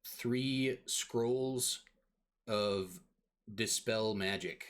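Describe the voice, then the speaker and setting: A man's voice: fairly low pitch, drawn-out words. Laid-back man running a tabletop game. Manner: casual, laughing often, many fillers. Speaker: game master.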